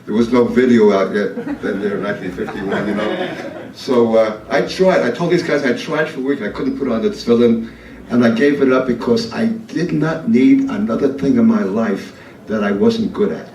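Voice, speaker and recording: A performance artist in his seventies delivers a profane, rambling comic monologue on a live club stage, restarting often. His mid-range voice moves at a moderate pace, picked up by a distant mic amid roomy club sound and background noise.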